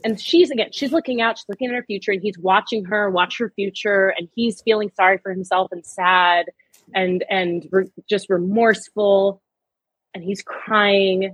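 Woman co-host, breathy and dry-miked, gushes emotionally over film scenes. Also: mid-range voice, fairly even intonation, normal speed, no echo, rough recording. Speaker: podcast co-host. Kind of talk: casual chat.

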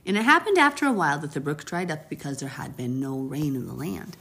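A woman's voice: deep voice, lively intonation, brisk, creaky, husky. A woman reading a Bible passage aloud and commenting on it in a chatty, heartfelt way. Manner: warm, chatty, reads scripture with brief emotive asides. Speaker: Bible teacher.

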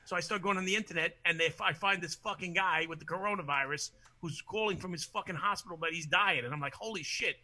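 A husky-voiced man races through his story in excited, profane casual chat. His voice is high, very sharp and bright, and he speaks fast.

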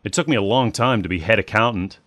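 A man voicing an exasperated grown daughter who scolds her mother in a brisk way. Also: lowish voice, a bit bright, no echo, lightly acted.

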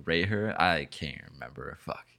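A man's voice: extremely low pitch, animated, normal speed, creaky, sharp tone. A young man hosting a podcast, telling a story in a rambling, casual way with lots of swearing and filler words. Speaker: podcast host.

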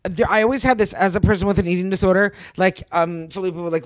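A man co-hosting a casual chat, animated and full of quick agreements and restarts. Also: high voice, no echo. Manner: animated, lots of yeahs and restarts.

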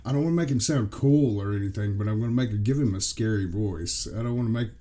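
A man's voice: lowish voice, fast talker, warm tone. A man co-hosting a casual podcast, exasperated and emphatic, swearing freely. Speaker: podcast co-host.

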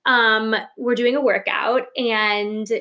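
A married woman telling lively, funny stories about her husband in a casual interview, laughing as she talks. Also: a little high, takes it slowly. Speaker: guest.

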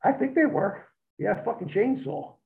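A man, a wrestler, telling profane, animated stories as an interview guest over a phone line. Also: high voice, moderate pace, vocal fry, slight background noise. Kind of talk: storytelling in an interview.

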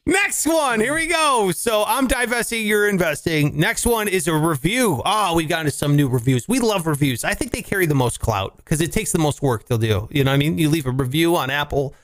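A man's voice: on the high side, lively intonation, a little fast, few pauses, a bit bright. A man with a Southern accent co-hosting a podcast, joking around and slipping into silly character voices. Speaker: podcast co-host. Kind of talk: joking banter with put-on voices.

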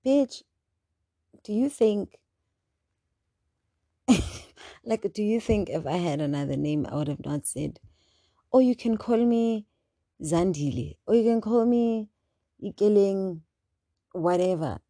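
A young South African woman hosting her own show, talking in an animated, indignant monologue. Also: medium pitch, slow pace, long pauses, dry recording. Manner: animated and indignant, mixing English with local words. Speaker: podcast host. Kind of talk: casual monologue.

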